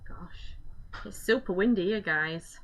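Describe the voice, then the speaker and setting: A woman's voice: mid-range voice, unhurried. A woman, chattily explaining each step of a live craft demonstration as she works.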